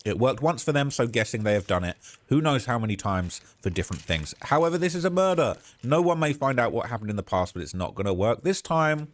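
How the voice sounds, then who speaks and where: A man's voice: mid-range voice, very animated, quick pace. A man hosting a live stream, giving commentary in an indignant, sarcastic rant.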